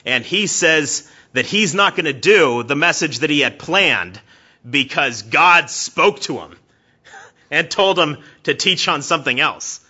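A man voicing his brother as a loud, scornful man who shouts every word, pitched higher than his own voice. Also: expressive, measured pace, slightly rough, highs cut off, heavily acted. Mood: indignant. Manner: shouting, indignant.

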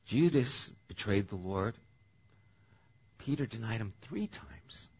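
A male pastor preaching a sermon in a conversational, animated way. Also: fairly low pitch, slow, husky, muffled recording.

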